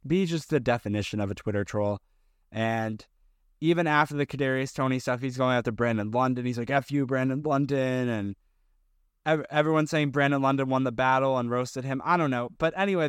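A man's voice: mid-range voice, smooth, no room sound, studio quality. A man co-hosting a podcast in casual chat, rambling with many fillers and restarts. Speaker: podcast co-host.

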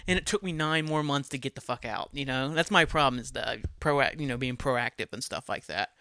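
A man's voice: medium pitch, brisk, sharp tone, smooth, dry recording, clean studio sound. A man hosting a casual solo podcast, ranting bluntly with lots of swearing and laughing at his own jokes. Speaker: podcast host.

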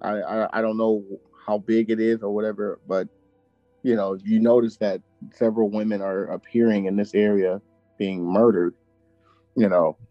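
A man's voice: lowish voice, level tone, normal speed, dry recording, faint music behind. A man chatting as podcast co-host, laid-back and asking questions. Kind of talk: casual podcast chat. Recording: dull, muffled mic.

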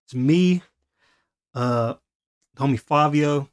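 A man hosting a podcast, telling a story in a casual, animated way. He laughs often and acts out the voices of the people he quotes. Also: a little high, slow pace, clear, resonant tone. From Los Angeles. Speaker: podcast host.

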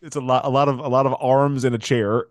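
A man's voice: mid-range voice, level tone, brisk, dry recording, clean studio sound. Joking man hosting a podcast. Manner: laughing, joking, crude. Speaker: podcast host. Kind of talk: casual chat.

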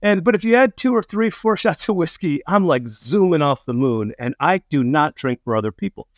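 A man's voice: on the high side, lively intonation, brisk, dry recording, clean studio sound. A man telling loose, profane stories in casual chat, stumbling through restarts and stammers as a comedian and director. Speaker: comedian and film director, podcast guest.

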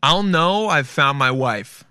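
A man's voice: fairly high pitch, lively intonation, takes it slowly, bright, forceful tone, smooth. A young man in a casual, joking reaction commentary, swearing freely and calling everyone dude. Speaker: commentary host.

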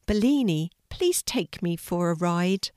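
A woman voicing an excited, sweet little girl in a storybook, eager and breathless. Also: lowish voice, unhurried, dry recording, clean studio sound. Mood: delighted. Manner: eager, wide-eyed and breathless.

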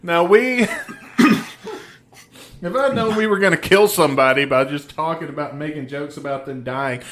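Podcast co-host, male, slightly higher voice, foul-mouthed, animated storyteller, chewing gum. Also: normal speed. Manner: profane, laughing storyteller. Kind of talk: casual podcast chat.

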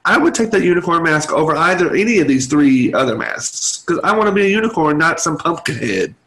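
Gravelly-voiced man recapping a movie. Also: on the high side, big pitch swings, brisk, a bit bright, poor audio. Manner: chatty storyteller, wry, laughing. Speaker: podcast co-host. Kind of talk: casual movie recap chat.

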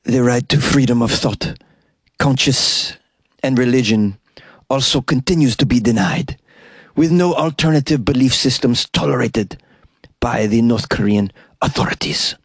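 A man doing a slow, breathy celebrity impression while reading out a quote. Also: medium pitch, dry recording. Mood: mock-sultry. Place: small closet.

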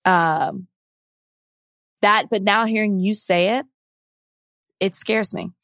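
A woman's voice: medium pitch, slow, vocal fry, a bit bright, no echo, studio quality. A woman co-hosting a podcast, talking casually and with exasperation about politics, repeating herself as she goes. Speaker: podcast co-host.

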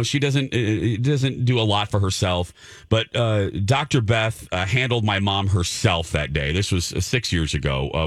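Man, radio host, chatty and effusive, fairly low voice, dry studio mic. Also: dry recording. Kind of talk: casual morning radio chat.

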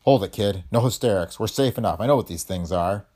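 A man's voice: lowish voice, a little fast, warm tone, close to an everyday voice. A man voicing a tough adventurer in an audiobook, clipped and firmly reassuring. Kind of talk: audiobook character voice.

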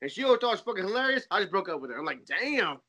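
A man, an animated storyteller who laughs easily in casual podcast chat. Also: high voice, rapid-fire. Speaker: co-host.

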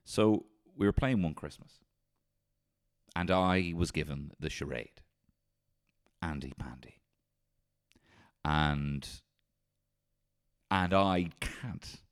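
Deep-voiced man telling a sweary comic story. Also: takes it slowly, pauses often, clear, resonant tone. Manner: animated, sweary, jumps into shouted impressions. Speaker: comedian. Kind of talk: storytelling comedy monologue.

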